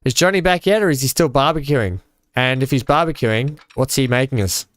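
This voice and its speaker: While playing on a live stream, an Aussie host chats loosely with viewers in a mid-range, fairly bright voice. He speaks a little fast and keeps joking and laughing.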